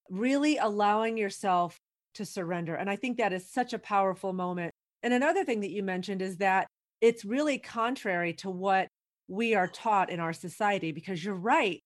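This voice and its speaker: A woman hosting a conversation, reflecting back on what her guest has said in a calm, measured way. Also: mid-range voice. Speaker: host. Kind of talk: reflective interview commentary.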